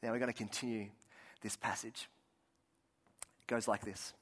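A man's voice: lowish voice, little pitch movement, normal speed, fairly bright tone, breathy edge. A young man giving a sermon as a pastor, conversational and earnest, often restarting his sentences.

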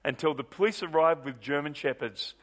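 Middle-aged male preacher, high pitched, lively storyteller from the pulpit. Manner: animated storyteller, swings from brisk to drawn out. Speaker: pastor. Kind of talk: sermon storytelling.

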